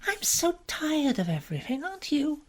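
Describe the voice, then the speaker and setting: A woman's voice: high-pitched, sing-song, moderate pace, pitched above the performer's own voice. A woman voicing a bored, drawling young upper-class woman in an audiobook. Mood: languid. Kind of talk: audiobook character reading.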